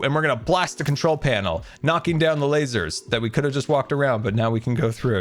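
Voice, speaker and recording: A man's voice: medium pitch, lively intonation, moderate pace, faint music behind. A man streaming casually, ranting animatedly and joking with his viewers.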